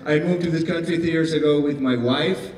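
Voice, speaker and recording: A man from Argentina with an Argentine accent doing a stand-up set, talking fast and deadpan. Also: a little high. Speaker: stand-up comedian. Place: theater stage. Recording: echoey theater hall from far off.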